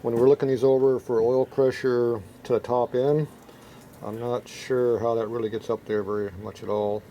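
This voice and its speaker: Outdoors in a windy workshop yard, a motorcycle mechanic chats casually while working on a bike. His medium-pitched voice is flat and dark at a normal speed, and he sounds plain-spoken and frustrated, often mumbling and trailing off. The audio is poor, with a slight hiss or hum.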